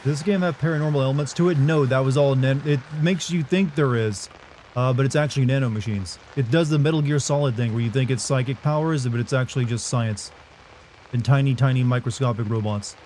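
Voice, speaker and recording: A man's voice: mid-range voice, fairly quick, darkish tone, slight background noise. A man streaming a game live, chatting with his viewers in a joking way and trying out silly voices. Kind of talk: live gameplay commentary.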